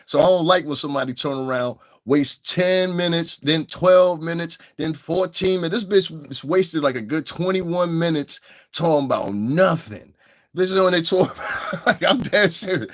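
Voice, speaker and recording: A Northeastern US man gives livestream commentary as a foul-mouthed rant, laughing frequently and doing mocking voices. He talks at a moderate pace with a fairly high pitch, in a dry, clean studio recording.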